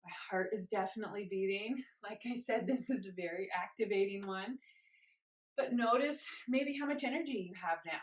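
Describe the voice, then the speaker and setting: A young woman leading a guided movement class, encouraging and gentle, a little out of breath as she moves. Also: mid-range voice, moderate pace. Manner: encouraging, gentle, invites choices. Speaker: movement instructor. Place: home room with carpet.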